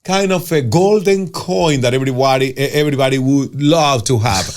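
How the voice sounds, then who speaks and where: A man's voice: medium pitch, fairly quick. A man hosting an interview, asking probing questions and affirming the guest enthusiastically. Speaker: host. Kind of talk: interview conversation.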